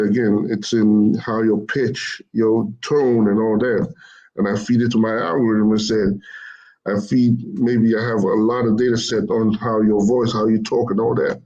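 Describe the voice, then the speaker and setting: A man's voice: mid-range voice, darkish tone, highs cut off. A man explaining machine learning in casual talk, rambling and repeating himself as he corrects his words. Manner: rambling, repeats phrases, self-corrects often.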